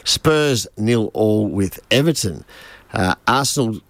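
A man's voice: fairly low pitch, animated, takes it slowly, dry recording. A man reading football scores on a radio show, casual and chuckling, with plenty of fillers. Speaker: sports segment co-host. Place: radio studio.

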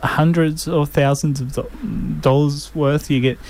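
A man's voice: a little high, fairly even intonation, measured pace, darkish tone. A young man presenting community radio in a casual, rambling way, often repeating his words. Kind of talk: casual on-air radio chat. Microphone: studio broadcast mic.

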